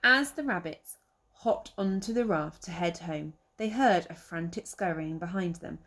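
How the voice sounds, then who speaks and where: A woman teacher with an English accent reading a picture book aloud to young children, pausing to explain words. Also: on the low side. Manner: slow, expressive, pauses to explain words.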